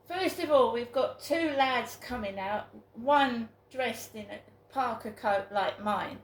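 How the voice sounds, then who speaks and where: British woman vlogger, slow aggrieved ramble, higher gravelly voice, echoey room with faint background noise. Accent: British English. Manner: aggrieved, rambling, repeats herself for emphasis. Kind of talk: casual vlog monologue.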